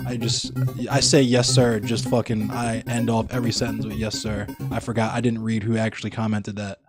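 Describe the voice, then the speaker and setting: A man's voice: on the low side, level tone, fairly quick. A young American man chatting casually with live-stream viewers in a blunt, rambling, heavily profane way. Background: faint music.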